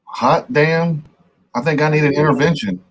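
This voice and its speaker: A man's voice: fairly high pitch, fairly even intonation, moderate pace. A middle-aged man hosting a casual rock podcast, talking loosely and swearing now and then. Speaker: podcast host. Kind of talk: casual chat.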